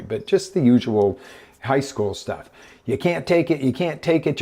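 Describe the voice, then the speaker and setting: A man's voice: medium pitch, gravelly. A man hosting a live motivational coaching show, telling stories and acting out voices in them. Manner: animated storytelling, acting out voices in his stories. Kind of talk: motivational talk. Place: live online broadcast.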